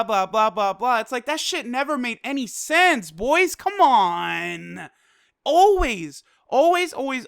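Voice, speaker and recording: A video reviewer excitedly recapping an anime episode, swearing freely and filling with "like" and "you know". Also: medium pitch, clear, resonant tone, no room sound, clean studio sound. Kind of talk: casual recap and commentary.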